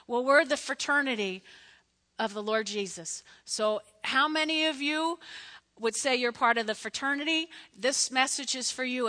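A middle-aged woman gives a chatty sermon full of family stories, her voice high and bright. She talks straight to her listeners, asks them questions and keeps an animated, storytelling flow. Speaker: preacher. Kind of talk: conversational sermon with personal stories.

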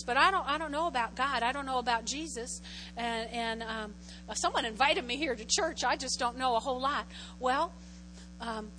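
Bright-voiced woman pastor preaching. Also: high-pitched, a little hiss or hum, poor audio. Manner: conversational, repeats phrases, frequent "okay?" check-ins; shifts from loud prayer to soft invitation. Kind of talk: sermon with altar call. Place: church.

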